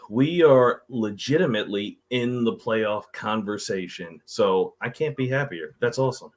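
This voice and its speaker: A man's voice: fairly low pitch, animated, measured pace, hardly any pauses. A man co-hosting a sports podcast, talking earnestly with lots of ums and uhs. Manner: earnest, with many fillers. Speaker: podcast co-host. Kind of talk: casual chat.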